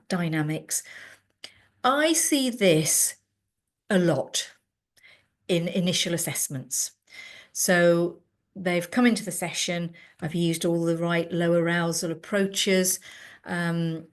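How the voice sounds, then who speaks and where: A woman, a speech therapist explaining with lively storytelling. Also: fairly low pitch. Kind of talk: explaining with acted classroom examples.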